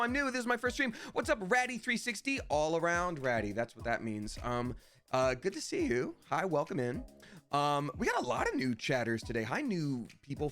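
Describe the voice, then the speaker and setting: A man's voice: mid-range voice, a bit bright. A man hosting a live game stream, chatting casually and cheerfully thanking viewers by name. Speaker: Twitch streamer and voice actor.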